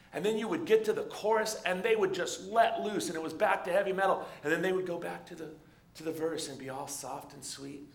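Male pastor, conversational sermon, roomy echo. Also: high voice. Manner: conversational, animated storytelling with asides.

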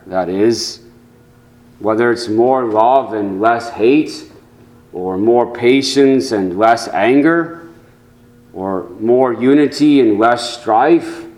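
A man preaching a sermon to his congregation, slow and measured, with deliberate pauses. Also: medium pitch, darkish tone, low-quality recording. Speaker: pastor.

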